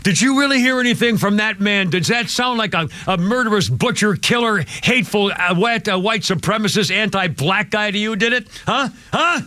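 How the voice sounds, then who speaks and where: High, bright-voiced ranting radio host man. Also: moderate pace, hardly any pauses. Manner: indignant, yelling, repeats words. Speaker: radio talk show host. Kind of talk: angry political rant.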